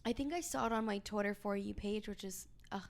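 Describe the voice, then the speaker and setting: A young American woman co-hosts a casual podcast, chatty and rambling with plenty of fillers. Her voice sits at an ordinary middle pitch. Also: fairly quick. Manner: chatty, rambling, heavy use of "like". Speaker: podcast co-host. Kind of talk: casual chat among friends.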